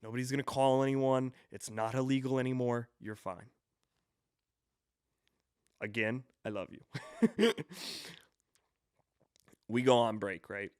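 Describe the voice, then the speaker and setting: A man's voice: medium pitch, fairly even intonation, normal speed, pauses often, a little mellow, smooth, dry recording, studio quality. A man in his twenties hosting a podcast, telling a long rambling story with lots of swearing and restarts. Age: 20s. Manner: rambling, profane, self-correcting storyteller. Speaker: podcast host. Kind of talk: casual storytelling monologue.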